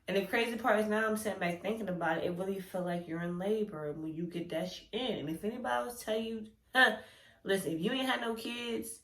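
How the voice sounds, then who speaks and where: A young woman, telling a candid storytime vlog and acting out quoted lines. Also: fairly quick. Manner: animated and candid, acts out quoted lines with big pitch jumps. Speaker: vlogger. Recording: echoey room.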